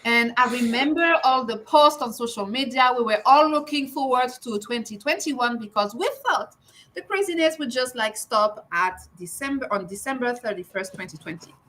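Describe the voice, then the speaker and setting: Woman host, upbeat livestream chat, bright forceful voice, a little higher than usual. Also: animated, normal speed, slight background noise, poor audio. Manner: upbeat, reads viewer comments aloud. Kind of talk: casual hosted panel chat.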